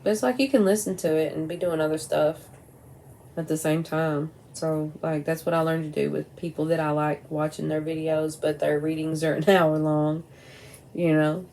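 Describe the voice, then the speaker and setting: A middle-aged vlogger sits by a window at home at night, speaking bluntly and candidly to the camera in a rambling personal talk with occasional swearing. Her low, darkish voice keeps a steady tone at a moderate pace, on a low-quality recording with slight background noise.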